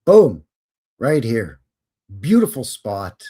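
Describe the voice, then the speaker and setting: A man's voice: mid-range voice, very animated, slow pace, dark tone, slightly rough. Canadian guy chatting on his live stream, folksy and jokey, voice goes up and down a lot. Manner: folksy, jokey, greets viewers by name. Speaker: host. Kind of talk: casual live-stream chat.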